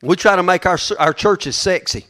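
A man's voice: high voice, animated, normal speed, bright, forceful tone. A man preaching a sermon in a folksy, emphatic way, often repeating his words.

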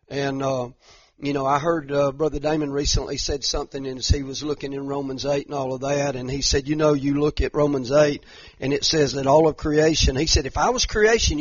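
A man's voice: mid-range voice, breathy edge, dry recording. Fervent middle-aged male pastor, dull lo-fi. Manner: fervent, repeats himself, builds to emphatic rises. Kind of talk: impassioned conversational preaching. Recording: dull lo-fi dry sound.

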